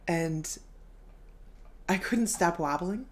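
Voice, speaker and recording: A woman's voice: lowish voice, slow pace. A middle-aged woman hosting a casual live stream as a psychic medium, bubbly, laughing often and reading viewer comments aloud.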